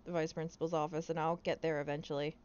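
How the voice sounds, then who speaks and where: A young woman playing in a casual tabletop game, giggly and quick to joke. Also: low voice, little pitch movement, darkish tone, smooth. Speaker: player and co-host. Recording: dull lo-fi audio.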